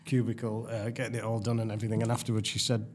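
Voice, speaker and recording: A man's voice: on the low side, completely flat delivery, rapid-fire, a little hiss or hum. A middle-aged English man hosting a podcast, rambling through casual chat and laughing at his own stories. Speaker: podcast host.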